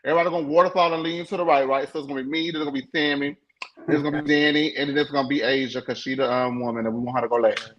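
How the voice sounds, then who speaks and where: A man's voice: fairly high pitch, flat delivery, very fast, a bit bright, lo-fi sound. A man hosting a live recap panel, talking in a sassy, playful way, breaking into chants and teasing his co-hosts. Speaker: panel host.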